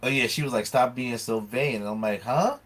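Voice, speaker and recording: Male co-host, 30s, mid pitch, swears freely, animated storyteller who plays every voice in his story. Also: brisk, a little hiss or hum. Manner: animated storytelling, profane, acts out both sides of an argument. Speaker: podcast co-host. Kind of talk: casual chat.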